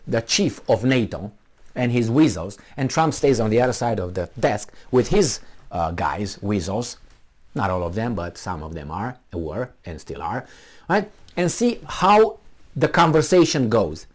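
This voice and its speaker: A man's voice: mid-range voice, darkish tone. A man giving a sarcastic, mocking monologue commentary, talking directly to the listener. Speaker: political commentator.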